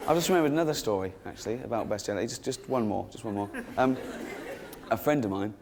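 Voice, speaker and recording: A man's voice: mid-range voice, fast talker, crowd noise, noisy background. A middle-aged man doing stand-up, telling anecdotes and acting out the other people's voices, often breaking into laughter at his own punchlines. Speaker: stand-up comedian. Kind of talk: stand-up storytelling.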